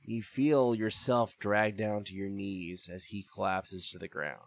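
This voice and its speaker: A man narrating a tabletop role-playing game as game master in slow, measured storytelling. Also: on the low side, fairly even intonation, no room sound. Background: background music.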